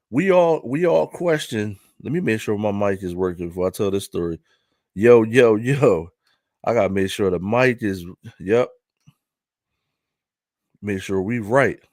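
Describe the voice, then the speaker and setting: A man's voice: mid-range voice, no room sound, clean studio sound. Chatty Philadelphia man telling a story. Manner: loose, repetitive, keeps asking "right?". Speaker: vlogger. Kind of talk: casual storytelling commentary.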